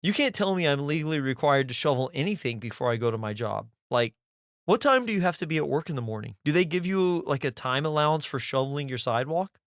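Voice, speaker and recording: A man co-hosting a podcast in casual chat, animated and swearing freely as he presses with questions. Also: on the high side, quick pace, dry recording, clean studio sound. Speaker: podcast co-host.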